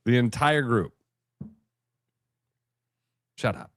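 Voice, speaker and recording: A man's voice: medium pitch, sing-song, extremely slow, fairly bright tone. A man co-hosting a sports talk radio show, pushing back in a blunt, sarcastic and profane way.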